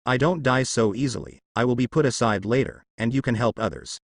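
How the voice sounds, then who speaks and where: A man's voice: medium pitch, brisk, no room sound, studio quality, close to an everyday voice. A man voicing a stubborn, wounded young pirate archer who brushes off his injuries.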